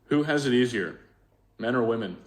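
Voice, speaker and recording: A man co-hosting a podcast over a remote call, playful and quick with casual swearing. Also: mid-range voice, expressive. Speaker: podcast co-host. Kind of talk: casual chat.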